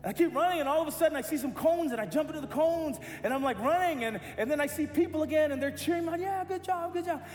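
Male pastor, high voice, animated sermon storytelling; large roomy hall with long reverb. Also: very fast, hardly any pauses. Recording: echoey hall with music.

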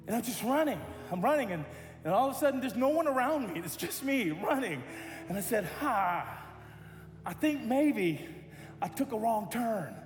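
A man pastor telling an animated story in a sermon, acting out the voices of the people in it. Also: very high voice, moderate pace. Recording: echoey hall with music.

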